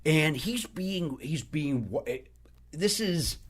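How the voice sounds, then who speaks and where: A man, a comedian guest on a podcast, telling a story in casual chat with frequent restarts and loud bursts when he quotes people. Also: fairly high pitch, slow pace, a little hiss or hum. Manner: animated, bursts loud when quoting others; restarts and trails off often.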